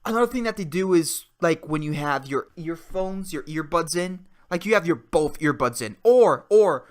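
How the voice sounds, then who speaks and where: A man in his twenties hosting a solo podcast, ranting in a profane, excitable way and peppering his talk with "dude" and "man". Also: fairly high pitch, normal speed. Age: 20s. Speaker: podcast host. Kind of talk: solo comedic rant.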